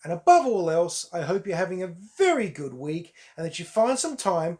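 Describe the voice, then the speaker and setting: A man's voice: high-pitched, sing-song, normal speed, darkish tone. A man, chatting through a casual solo film review to his viewers, emphatic and repeating words for stress. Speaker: movie reviewer.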